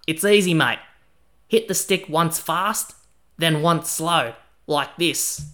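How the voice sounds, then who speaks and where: A man voicing a loud, matey night watchman. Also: a little high, very noisy. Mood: casual, explaining. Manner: loud, matey, casual, full of slang. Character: cheery, slangy male night watchman in an old Chinese city.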